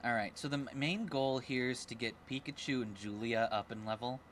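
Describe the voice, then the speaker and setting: A man's voice: medium pitch, fairly quick, a bit bright, a little hiss or hum. A male streamer giving casual let's-play commentary, crude and jokey, squealing in mock disgust.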